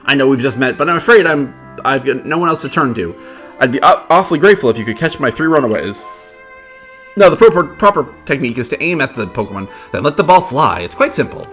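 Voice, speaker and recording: A man's voice: mid-range voice, animated, fast, a bit bright, soft background music, close to an everyday voice. A man reading the lines of a polite, chatty male researcher from a game, in a courteous, explaining manner. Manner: courteous, rambling explanations read aloud.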